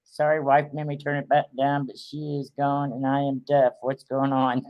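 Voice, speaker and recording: A man's voice: mid-range voice, completely flat delivery, moderate pace, no echo, lo-fi sound. A man with a Midwestern American accent, chatting on a livestream and reading out viewer comments. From Indiana, US. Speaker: livestream co-host. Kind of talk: casual livestream chat.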